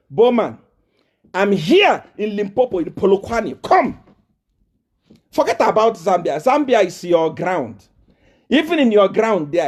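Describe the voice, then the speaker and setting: A man with a Nigerian accent hurls taunts and challenges at a rival. His voice sits high and swings widely in pitch as he presses his points over and over. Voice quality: loud, taunting, repetitive. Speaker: preacher. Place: South Africa.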